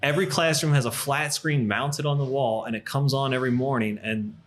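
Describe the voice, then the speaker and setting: A man in his thirties, a podcast guest in a coffee shop, telling funny stories in a quick, laughing way. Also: mid-range voice, slight background noise. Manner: animated, laughing, fast anecdotes. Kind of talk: casual storytelling chat.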